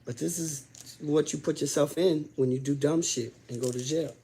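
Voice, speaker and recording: A man casually telling his own story in blunt, profane talk. He drops low and subdued, then climbs loud and worked up as he relives it. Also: steady tone, moderate pace, slightly rough. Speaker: host telling his own prison stories.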